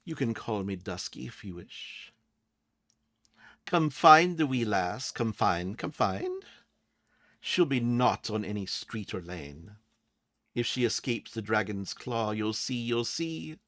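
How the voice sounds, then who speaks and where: A man's voice: lowish voice, animated, slow, fairly bright tone, no echo, clean studio sound, heavily acted. A man voicing a riddling fae creature in a lilting, chanting tone. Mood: teasing.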